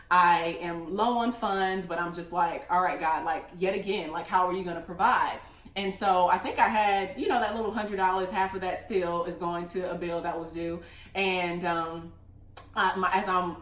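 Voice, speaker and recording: A woman's voice: fairly low pitch, fairly bright tone, reverberant. A young woman telling a personal story in a casual, chatty way with lots of fillers. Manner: chatty, many fillers, laughs often. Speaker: vlogger.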